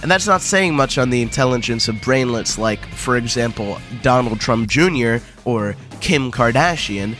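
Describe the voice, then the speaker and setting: A man's voice: mid-range voice, expressive, normal speed, hardly any pauses, a bit bright, soft background music. A young man hosting a gaming video, delivering sarcastic, crude commentary full of profanity and mock drama.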